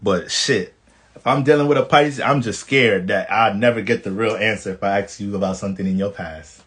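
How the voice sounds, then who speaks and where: A man from the Bronx with a New York accent, talking astrology in a casual vlog, full of swearing and animated stories. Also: lowish voice, a little fast. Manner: profane, animated storytelling.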